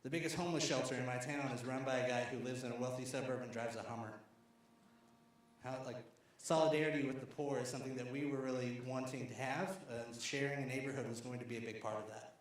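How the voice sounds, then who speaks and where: A man's voice: mid-range voice, steady tone, fast talker, slight background noise. A man from Arkansas giving a conversational storytelling talk at a lecture series, with fillers and restarts. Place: large lecture hall. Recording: very echoey hall.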